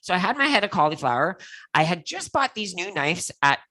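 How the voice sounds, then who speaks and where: A man co-hosting a relaxed chat, telling stories with lively, expressive delivery. His voice is bright and forward, and the sound is close and dry with no room around it. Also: fairly quick, no echo, rough recording. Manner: animated storyteller, acts out quotes with big pitch jumps. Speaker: co-host. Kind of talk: casual chat.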